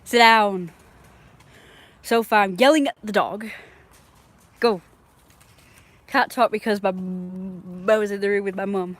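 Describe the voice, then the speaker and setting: A woman's voice: medium pitch, steady tone, measured pace, pauses often. A woman chatting casually on a live stream, talking to her viewers and scolding her dog.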